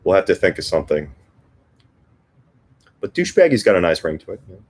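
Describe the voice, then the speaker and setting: A man's voice: low-pitched, sing-song, brisk, darkish tone, slightly rough. A young man casually chatting with viewers on a livestream, reading comments and joking around between songs. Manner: laid-back, joking, chuckles often. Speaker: livestream host and guitarist.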